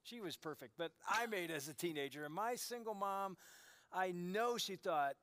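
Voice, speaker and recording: Older guy preaching casual and earnest, bit higher voice, dry sound. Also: normal speed, no room sound. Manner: earnest, drops to soft emphasis. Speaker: pastor. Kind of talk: conversational sermon.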